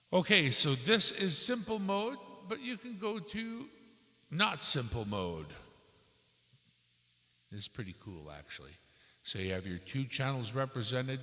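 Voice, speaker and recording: A man casually walking through his streaming gear, relaxed and rambling, correcting himself as he goes, into a dynamic microphone. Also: mid-range voice, in a large hall. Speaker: YouTube creator reviewing streaming gear.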